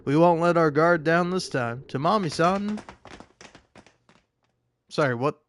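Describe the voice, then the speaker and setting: A man's voice: on the high side, expressive, unhurried, a bit bright, slight background noise. Rambling, sarcastic young man commentating. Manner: rambling, sarcastic, stammering and profane. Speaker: gameplay commentator. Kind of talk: casual gameplay commentary.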